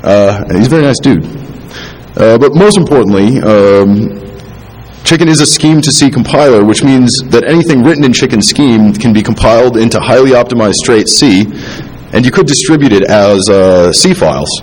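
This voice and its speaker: A man giving a technical conference talk, halting with many fillers and restarts, dropping dry self-deprecating asides, a little tipsy from drinking. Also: mid-range voice, expressive, darkish tone, rough recording. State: tipsy, drinking while talking. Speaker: conference speaker. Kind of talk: technical presentation.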